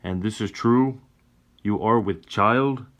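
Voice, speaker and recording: Male reader as a proud tribal chief, stern and measured, low voice. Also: dull audio. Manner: commanding, stern.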